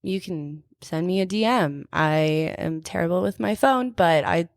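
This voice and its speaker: A woman's voice: lowish voice, a little slow, no room sound, studio quality. A young woman who builds terrain parks, chatting easygoing as a podcast guest and laughing often. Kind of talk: casual podcast chat.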